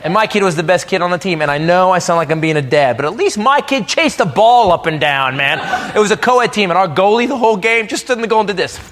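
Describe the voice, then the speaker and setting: A man's voice: high-pitched, expressive, fast talker, hardly any pauses, a little hiss or hum. A middle-aged man from the United States doing a stand-up comedy set on a club stage, brash and ranting with crude punchlines. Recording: live club recording with loud crowd laughter.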